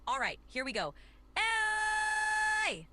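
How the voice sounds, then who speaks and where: A synthetic woman's voice acting as an AI voice assistant, polite, upbeat and accommodating, answering requests with cheerful replies and stretched shouted vowels. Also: on the high side, sing-song, a little fast, very noisy.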